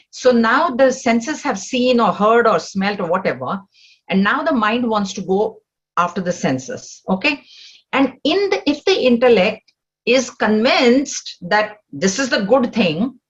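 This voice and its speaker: Husky-voiced woman teaching a scripture class. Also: fairly high pitch, dull audio. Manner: explains step by step with rhetorical questions. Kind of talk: spiritual teaching lecture.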